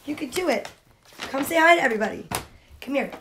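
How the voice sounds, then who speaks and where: A woman's voice: high voice, lively intonation, fast talker, a bit bright, slight background noise. A woman reading a picture book aloud to children, with giggly, chatty asides to the kids. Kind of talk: storybook read-aloud with asides.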